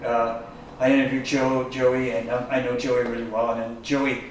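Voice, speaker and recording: A man's voice: mid-range voice, normal speed, slight background noise. A man telling rock-and-roll stories in a casual chat, acting out the voices of the people in his anecdotes. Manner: animated storyteller who acts out quotes. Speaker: guest musician. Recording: echoey room picked up from a distance.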